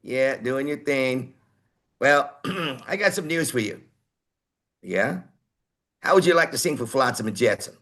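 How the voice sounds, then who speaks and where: A man's voice: medium pitch, lively intonation, unhurried, pauses often, fairly bright tone, pitched above the performer's own voice. A man voicing a pushy band manager with a thick New York accent, blunt and swearing. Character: brash older male band manager, pushy.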